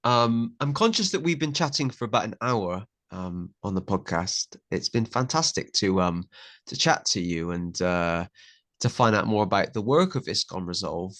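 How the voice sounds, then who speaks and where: This podcast host's voice sits on the low side, fairly bright, at normal speed with lively intonation. Chatting casually with a guest, he rambles into jokes and keeps interrupting himself to start over.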